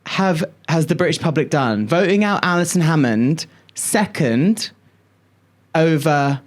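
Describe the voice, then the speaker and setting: A male podcast co-host in loose, casual chat. He tells stories with animated energy, drawing out words for effect and swearing freely. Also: fairly high pitch, measured pace.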